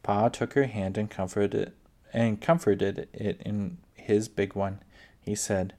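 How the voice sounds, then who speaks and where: A man reading a children's book aloud, unhurried, with small slips and restarts. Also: lowish voice, steady tone, darkish tone. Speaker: reader.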